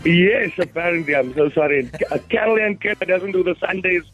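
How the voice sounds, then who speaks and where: A man in his forties with a South African English accent, a stand-up comedian calling into a radio show, jokey and quick to laugh. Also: high voice, a bit bright, soft background music, poor audio. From Eastern Cape, South Africa. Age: 40s. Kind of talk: casual radio chat. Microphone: phone line.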